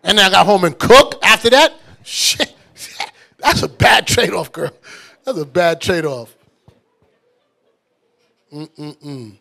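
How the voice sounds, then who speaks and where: A man's voice: high-pitched, lively intonation, slow pace, creaky, long pauses, pushed and bright. A man preaching as a bishop in a fiery, mocking, blunt sermon style. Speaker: bishop and teacher.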